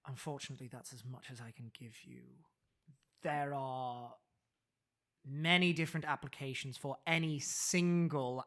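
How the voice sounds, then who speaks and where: Brief: man doing a wary, formal potion-shop keeper for a tabletop game, slow and deliberate. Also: a little high, fairly bright tone. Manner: slow, formal, wordy speech. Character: formal male alchemy shopkeeper, guarded and measured. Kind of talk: tabletop role-play.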